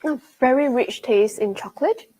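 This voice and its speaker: Chatty, excitable young woman host. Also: high-pitched, moderate pace, faint music behind, poor audio. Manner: chatty and excitable, with frequent gasps and laughs. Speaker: travel show host. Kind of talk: live-streamed travel vlog, tasting food on camera. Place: indoors at a restaurant.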